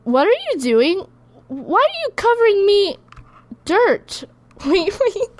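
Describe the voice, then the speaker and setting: A woman's voice: very high-pitched, sing-song, takes it slowly. A woman reading lines in a casual outtake, teasing and giggling as she stumbles over the script.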